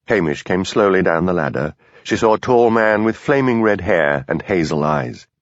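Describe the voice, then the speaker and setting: A man narrating an audiobook in a measured, expressive reading. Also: low voice, no room sound. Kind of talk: scripted narration. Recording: dull lo-fi dry studio recording.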